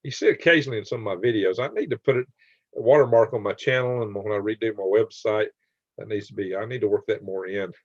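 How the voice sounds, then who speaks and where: A man's voice: on the low side, fast talker, dry recording. A man hosting a late-night livestream, joking, laughing often and reading chat comments aloud. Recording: dry, slightly dull sound.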